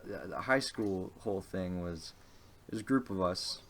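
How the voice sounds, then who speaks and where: A man's voice: sits low, animated, normal speed, a bit bright. A young man co-hosting a casual podcast chat. He rambles, hesitates and swears often. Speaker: podcast co-host.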